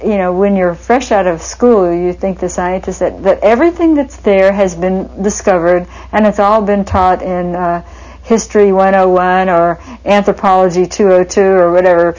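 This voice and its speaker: A woman's voice: medium pitch, normal speed, a little mellow, dull audio. A woman telling stories of her spiritual teacher in a reminiscing interview, with a wistful, storytelling manner. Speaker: devotee recalling her teacher.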